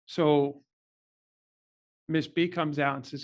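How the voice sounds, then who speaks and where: Man, slightly higher voice, heartfelt storyteller, candid interview guest. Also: moderate pace, a bit bright. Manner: earnest, emotional personal storytelling. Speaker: podcast guest.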